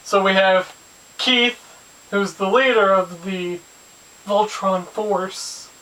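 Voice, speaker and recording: A man's voice: high-pitched, takes it slowly, bright, forceful tone. Chatty guy doing a cartoon review, jokey asides, mic sounds kinda far off. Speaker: show host and reviewer. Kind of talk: casual video review.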